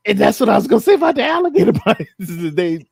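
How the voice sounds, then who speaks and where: A man chats on a dry, close mic, his slightly high voice swooping up and down as he tells stories. He drawls and laughs easily, looping back over his own sentences. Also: big pitch swings, fast, gravelly, a little mellow, breathy edge, dry recording. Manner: laid-back storyteller, drawling, laughs often. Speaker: host. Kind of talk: casual chat.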